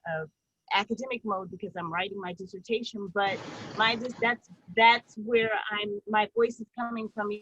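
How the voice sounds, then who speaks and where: A woman's voice: mid-range voice, fairly even intonation, moderate pace, fairly bright tone, a little hiss or hum, low-quality recording. A woman in a writing workshop on a video call, talking enthusiastically and rambling with restarts. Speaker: workshop participant, doctoral student.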